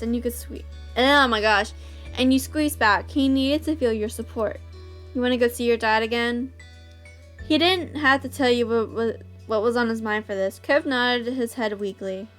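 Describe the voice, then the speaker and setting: A woman's voice: fairly high pitch, moderate pace, fairly bright tone, soft background music. A woman host reading a visual novel aloud, breaking off into giggly, gushing asides.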